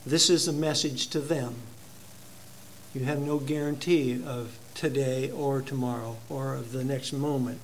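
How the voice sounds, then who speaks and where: A male pastor preaching a sermon in a conversational, halting way, telling a personal story to his congregation. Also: medium pitch, fairly even intonation, a little hiss or hum.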